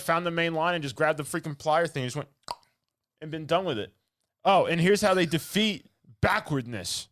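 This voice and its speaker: A man's voice: on the high side, a little fast, a bit bright, dry recording, clean studio sound. A young man co-hosting a podcast in casual chat, ranting sarcastically and laughing mid-sentence as he gets worked up. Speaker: podcast co-host.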